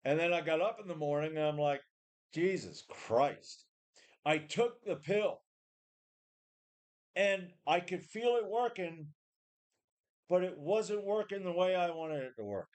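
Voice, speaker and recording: A man's voice: high-pitched, lively intonation, measured pace, pauses often, smooth. A tired, run-down man ranting in a rambling, profane way, often repeating and restarting. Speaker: home gym vlogger. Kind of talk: casual rant to camera.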